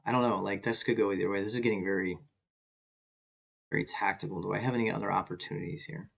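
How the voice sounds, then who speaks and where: A man's voice: fairly low pitch, steady tone, fast, creaky, a bit bright. A man streaming an online chess game, thinking aloud in an anxious, self-deprecating way. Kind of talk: live commentary while playing online chess.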